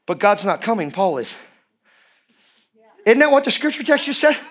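A pastor preaching a sermon with energy and emphasis, repeating lines and breaking into shouts, joking informally with his congregation. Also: high-pitched, very animated, moderate pace.

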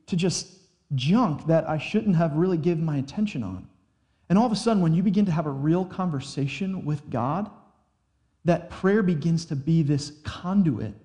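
A young adult man preaching a sermon, earnest and conversational, slowing down for emphasis. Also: on the high side, dark tone. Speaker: pastor.

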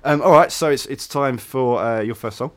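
A man's voice: medium pitch, moderate pace, a little hiss or hum. A young English man hosting a radio show, chatting casually with many ums and laughs. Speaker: radio host.

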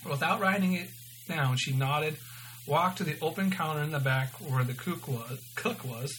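A man's voice: on the high side, normal speed, a bit bright, a little hiss or hum, rough recording. A man casually reading his own story aloud, often stumbling and correcting himself, with an amused manner.

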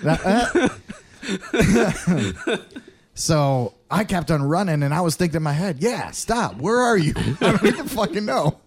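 A man telling a wild story on a podcast, his pitch swinging all over as he laughs and swears. His delivery is loose and casual, full of energy. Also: animated, unhurried, pauses often. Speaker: podcast co-host.

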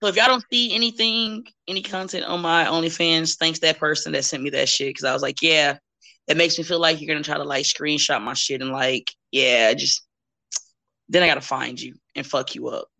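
A woman in her thirties, a wrestler guesting on a podcast, chatting bluntly and profanely with animated storytelling. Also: deep voice, a little fast, vocal fry. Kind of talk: casual chat.

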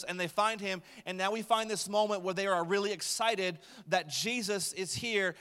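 High-voiced male pastor in a reverberant hall. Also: pushed and bright. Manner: conversational storytelling with light humor. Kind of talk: sermon.

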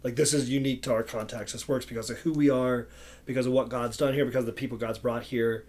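A man's voice: mid-range voice, fairly even intonation, fast, darkish tone, slight background noise. A man co-hosting a church podcast, chatting casually and laughing easily. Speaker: co-pastor and podcast host.

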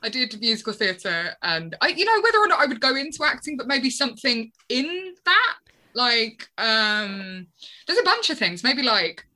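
A woman guest on a podcast, a tattoo artist, talking casually in an expressive way with lots of "like" and hedging. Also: on the high side, moderate pace. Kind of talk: casual chat.

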